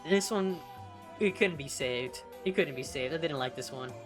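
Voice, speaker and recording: A young woman from California, a streamer chatting casually while reading along, blunt and profane and quick to laugh. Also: low-pitched, over music. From California, United States.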